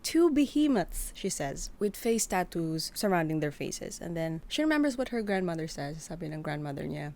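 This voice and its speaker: A woman hosting a casual podcast, retelling a story in a chatty, animated way. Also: lowish voice, normal speed, few pauses, a little hiss or hum. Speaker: podcast host.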